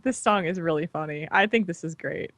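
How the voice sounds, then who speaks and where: A woman's voice: fairly low pitch, fairly quick, fairly bright tone, no room sound. A woman co-hosting a podcast in casual chat, giggly and teasing. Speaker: podcast co-host.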